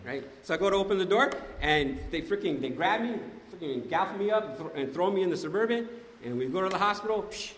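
A man with a high-sitting, expressive voice speaks fast, giving a conversational, emphatic personal testimony at a recovery meeting and often asking "right?". The echoey hall carries faint ambience.

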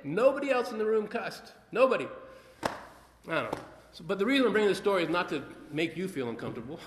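A man speaking at a recovery meeting, telling his own story in a rambling, animated way with many restarts and acted-out quotes. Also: high voice, a little hiss or hum. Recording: echoey hall, long reverb.

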